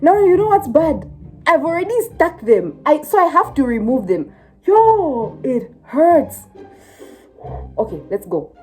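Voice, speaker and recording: A woman's voice: high-pitched, sing-song, measured pace, mellow, faint music behind. A woman in her twenties vlogging casually, giggling and exclaiming as she laughs through pain. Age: 20s. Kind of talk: casual vlog chat. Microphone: phone camera.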